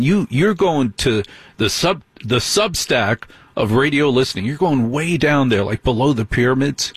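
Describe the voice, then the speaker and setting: Older male overnight radio host, husky and dry, self-mocking and chatty. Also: medium pitch, fairly bright tone, no room sound. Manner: wry, self-deprecating, rambling asides. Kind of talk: late-night radio talk with listener mail.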